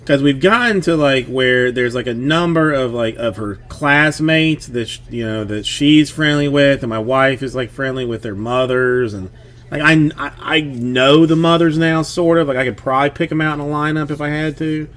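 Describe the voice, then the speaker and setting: A man's voice: medium pitch, moderate pace, fairly bright tone. Rambling, filler-heavy man. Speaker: streamer, father of a young daughter. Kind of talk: casual livestream chat.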